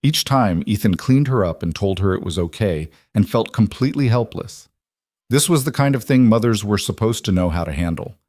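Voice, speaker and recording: Low-pitched and steady, a man narrates a scripted family drama at a measured pace. The sound is close-miked and dry, without any echo from the room.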